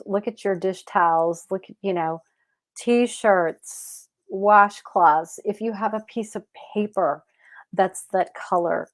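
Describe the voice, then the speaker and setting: A woman hosting a live cat-care Q&A, talking casually, rambling a little and correcting herself as she goes. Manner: chatty, rambling, with fillers and self-corrections; rises into high baby talk with her cat. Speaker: host of a cat health show.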